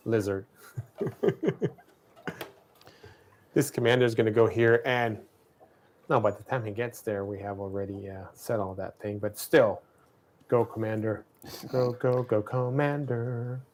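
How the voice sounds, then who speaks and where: A man casually co-hosting a livestream, playfully and excitably talking through a strategy game. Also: on the low side, takes it slowly, long pauses, a little hiss or hum.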